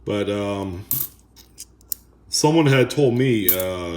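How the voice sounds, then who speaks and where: Low-voiced rambling man in echoey room. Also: darkish tone, slight background noise. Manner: rambling, halting, talks to viewers. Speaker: coin roll hunting channel host. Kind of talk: casual chat while sorting coins. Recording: echoey room with coin clinking.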